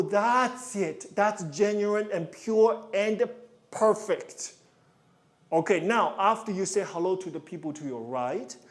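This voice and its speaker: Man, ballet coach, high voice, slow deliberate delivery, sings counts. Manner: animated, counts and sings out steps. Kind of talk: online ballet coaching session.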